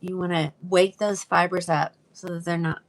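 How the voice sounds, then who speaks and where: A woman's voice: lowish voice, level tone, normal speed. A woman hosting a live wig sale, chatting casually and greeting viewers by name. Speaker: live-selling wig seller. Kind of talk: casual livestream sales chat.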